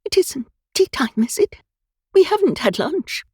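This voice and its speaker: A woman's voice: high voice, big pitch swings, measured pace, warm tone, no echo, clean studio sound, voice pushed up. A woman voicing a flustered, chattering elderly lady who gushes and apologizes. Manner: twittering, gushing, apologetic.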